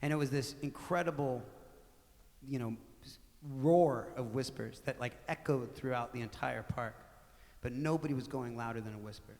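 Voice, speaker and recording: A man with a mid-range voice tells stories between songs on a club stage, chatty and animated as he acts out what people said. He speaks into a stage microphone, and his voice rings with the long reverb of the live room. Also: mid-range voice, moderate pace. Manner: animated, conversational, with laughs and acted-out quotes. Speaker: singer-songwriter telling stories on stage. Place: small live music venue with audience.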